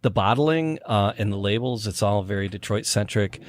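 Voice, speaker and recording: A man hosting a podcast in a studio, talking in a chatty way with plenty of fillers and quick agreements. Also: lowish voice, animated. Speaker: podcast host. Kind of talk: casual chat.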